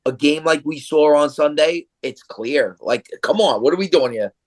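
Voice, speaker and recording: A man's voice: a little high, expressive, normal speed. A man on a sports podcast giving his opinions and rambling with lots of fillers. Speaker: podcast co-host. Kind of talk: casual sports chat.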